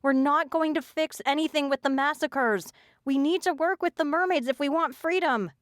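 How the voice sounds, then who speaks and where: A woman's voice: on the high side, lively intonation, moderate pace, smooth, dry recording, clean studio sound, pitched above the performer's own voice, natural voice. A woman voicing a desperate, defiant teenage warrior girl who pleads in panic in an audiobook. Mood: panicked.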